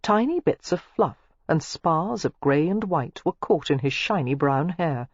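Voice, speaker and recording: An audiobook narrator reading a novel aloud in an expressive, scripted style. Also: unhurried, breathy edge, no room sound. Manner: expressive, shifting pitch through the narration. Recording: dull lo-fi dry recording.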